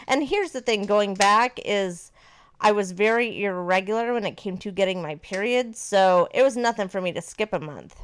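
A woman in her thirties casually telling a personal story to her partner, animated and swearing freely. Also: mid-range voice, clean tone.

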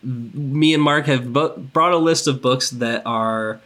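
A man's voice: medium pitch, takes it slowly, fairly bright tone. A young man with a congested voice hosting a casual podcast, rambling and upbeat with plenty of fillers. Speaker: podcast host.

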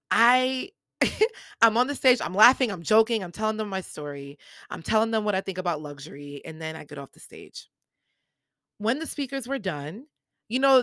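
A woman's voice: lowish voice, a bit bright, no echo. A woman hosting her own podcast, telling a story casually and acting out the people she quotes with big jumps in her voice, recorded on a podcast mic. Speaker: podcast host.

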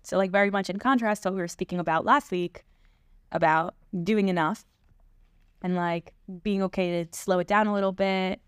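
A woman's voice: mid-range voice, fairly even intonation, moderate pace, smooth, no room sound, studio quality. A woman co-hosting a podcast, joking playfully while discussing scripture, with frequent fillers. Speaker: podcast co-host. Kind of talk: casual chat about scripture.

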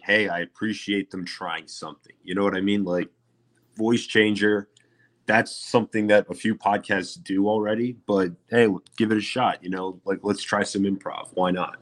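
Male co-host, lower voice, casual, halting, dismissive. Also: steady tone. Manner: hesitant, laughing, dismissive. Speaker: podcast co-host. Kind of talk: casual podcast chat.

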